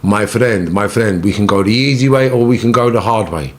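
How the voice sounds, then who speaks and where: A man's voice: lowish voice, brisk. A man with a London accent, a guest telling his story in an interview, blunt and full of swearing and street slang. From England.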